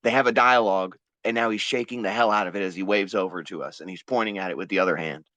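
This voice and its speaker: A man's voice: low voice, fast talker, sharp tone, dry recording. A man narrating as game master in a casual, descriptive way and swearing freely.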